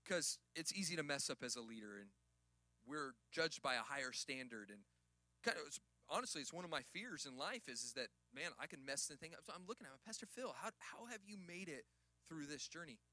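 A man preaching a sermon as pastor, building from quiet stories up to loud, shouted emphasis. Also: medium pitch, expressive, a little fast, no room sound.

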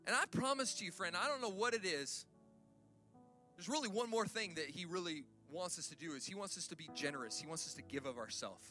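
A man preaching a sermon as pastor, building from quiet stories up to loud, shouted emphasis. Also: sits high, lively intonation, brisk, soft background music.

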